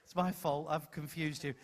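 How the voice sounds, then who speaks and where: Holding a handheld mic, this cruise ship entertainer teases his audience through a participatory comic stage show, theatrical and quick to mock himself. His voice is a little high, and there's a slight hiss or hum in the audio.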